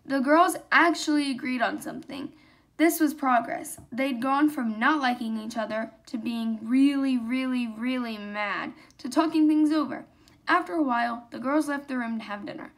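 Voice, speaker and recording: Teen girl reading a children's chapter book aloud, high and even. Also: moderate pace. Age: teens. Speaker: student reader.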